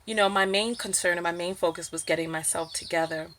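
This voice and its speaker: A woman with a New York accent, talking candidly to camera in an opinion vlog, emphatic and animated, rising to near-shouts when indignant. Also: on the low side, quick pace, slight background noise. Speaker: vlogger.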